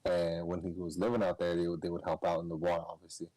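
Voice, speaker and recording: A young man on a podcast, casually telling a story, swearing and laughing, his voice jumping high when he gets excited. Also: quick pace, no echo, rough recording. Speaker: podcast co-host.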